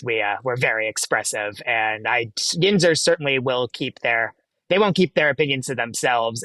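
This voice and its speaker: A man's voice: mid-range voice, pushed and bright, no echo. Hesitant man guest, filler-heavy talk. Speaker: guest, film critic. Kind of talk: casual chat.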